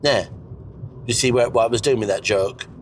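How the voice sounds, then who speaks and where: A man's voice: medium pitch, normal speed, slight background noise, natural voice. A man voicing an elderly, foul-mouthed, bossy wife who nags and mocks in a crude, sarcastic way. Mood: mocking.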